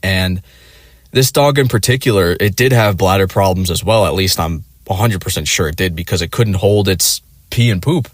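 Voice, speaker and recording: Rambling, profane young man, lowish voice. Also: moderate pace, slightly rough, no echo, clean studio sound. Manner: rambling, profane, many fillers. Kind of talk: casual rant.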